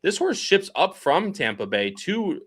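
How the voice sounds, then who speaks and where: A man hosting a casual racing podcast, chatty and quick to laugh as he reads out the live chat. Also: high voice, sing-song, a bit bright, slightly rough. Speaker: podcast host.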